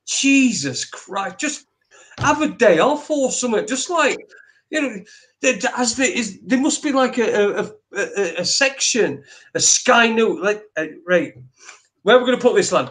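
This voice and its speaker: A man co-hosting a talk show, ranting in sweary, animated bursts with lots of restarts. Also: very high voice, unhurried. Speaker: podcast co-host. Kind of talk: ranting opinion chat.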